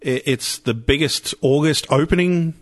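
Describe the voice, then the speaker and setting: A man co-hosting a podcast, teasing and dropping in quick remarks. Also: a little high. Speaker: podcast co-host. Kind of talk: casual podcast chat.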